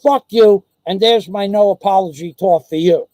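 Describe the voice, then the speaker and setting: A man's voice: sits high, moderate pace, mellow, dry recording. A man ranting angrily into his own video, swearing nonstop and mocking the people he is complaining about. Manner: furious, swearing constantly, mocking others. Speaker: vlogger. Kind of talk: angry profane rant.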